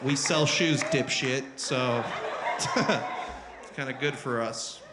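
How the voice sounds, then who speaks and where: A man's voice: mid-range voice, slow, very noisy, pitched below the performer's own voice, natural voice. A man voicing a smug, dismissive male employee of a shoe company who talks in a lazy, offhand way. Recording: roomy live club recording.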